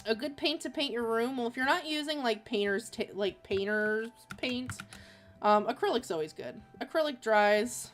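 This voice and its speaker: A woman's voice: a little high, expressive, normal speed, soft background music. A woman streaming as an artist, chatting casually while drawing, rambling with lots of fillers.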